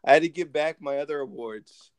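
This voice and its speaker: A man's voice: fairly high pitch, brisk. A man chatting and joking over a video call, rambling and muttering to himself while fixing his computer. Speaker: guest artist. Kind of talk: casual chat during a video call.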